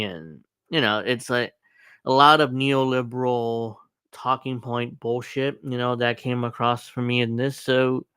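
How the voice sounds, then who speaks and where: A man's voice: medium pitch, bright, forceful tone, clean tone, no room sound. Casual rambling male podcast host. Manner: rambling, with many fillers and asides. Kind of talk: casual solo commentary.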